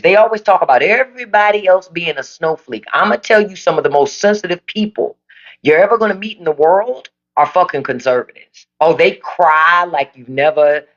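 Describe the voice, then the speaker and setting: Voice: medium pitch, highs cut off. Blunt, profane livestream host. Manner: blunt, profane political opinions; animated, emphatic. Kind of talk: casual live chat reading viewer comments. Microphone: phone livestream.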